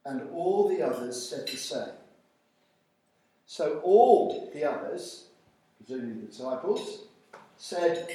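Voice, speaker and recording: A man preaches an informal sermon to people at their tables, reading scripture in a slow, deliberate way. His voice sits a little high for a man. It comes from a distance in a very echoey hall with faint noise behind. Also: animated, warm tone. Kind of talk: informal sermon at a church evening meal. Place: large echoey church hall.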